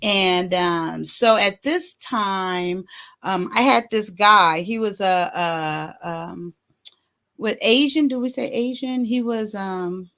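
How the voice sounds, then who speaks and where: A woman hosting a vlog, telling a personal story in a candid, halting way with many fillers. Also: medium pitch, a bit bright. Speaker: vlog host.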